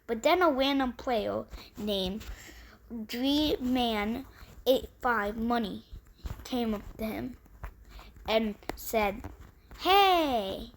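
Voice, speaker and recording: A woman tells a made-up story off the cuff, piling one sentence onto the next and restarting often. Her voice is fairly high for a woman, and she never stops to tidy up. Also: a bit bright, slight background noise. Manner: rambling, run-on, with restarts. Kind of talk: improvised story narration.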